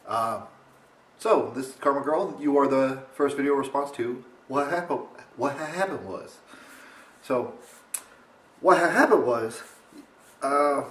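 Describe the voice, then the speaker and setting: A young man casually telling a funny story to his camera at home, rambling and animated. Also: reverberant. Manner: rambling, animated, mimics others in high voice. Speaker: vlogger. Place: home, indoors.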